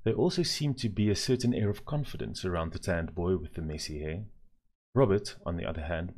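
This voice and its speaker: A man narrating a children's story in a measured, gently expressive way. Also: low-pitched.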